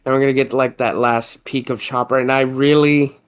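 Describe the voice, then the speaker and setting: Male podcast co-host, mid pitch, loose excitable fan talk, faint background music. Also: fairly quick, clean tone. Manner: excitable, laughs often, rambling with fillers and swearing. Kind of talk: casual chat.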